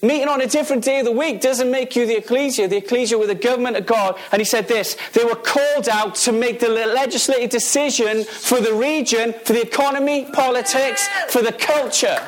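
In a strikingly high voice, a man delivers an emphatic sermon, peppering the audience with questions and hammering key phrases through repetition. He keeps a steady tone, goes a little fast, and hardly pauses.

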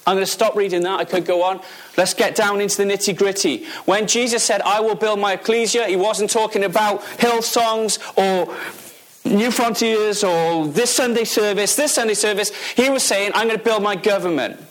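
A man preaches a sermon emphatically in a notably high voice, firing questions at his listeners and repeating key phrases to drive them home. His tone is steady and his speed normal.

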